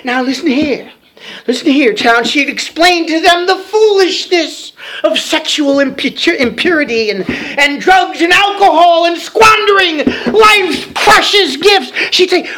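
A man's voice: very high voice, pushed and bright. A man preaching a sermon in a folksy way, often saying amen, calling listeners brother and breaking into song. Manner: folksy, calls listeners brother, frequent amens, sings hymn-like lines. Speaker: pastor.

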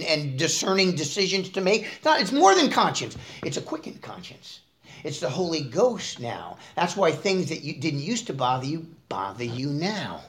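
A man with a voice that sits high delivers a casual, conversational sermon. He poses questions to the congregation and shifts between loud emphasis and quiet asides.

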